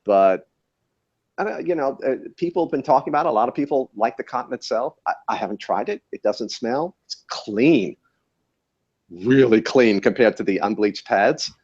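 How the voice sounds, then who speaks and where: Man, mid-pitched, wry, rambling, dull lo-fi sound. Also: lively intonation, moderate pace, a little mellow, breathy edge. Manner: wry, rambling, self-correcting. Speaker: battery tester and guest. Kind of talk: casual podcast chat.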